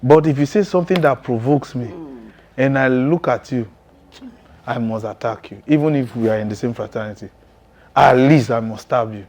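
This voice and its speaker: A man preaching his testimony in a mid-range voice, neither high nor low. He talks with intense emphasis and punctuates his story with frequent chuckles. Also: normal speed, a little mellow, a little hiss or hum. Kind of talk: testimony sermon.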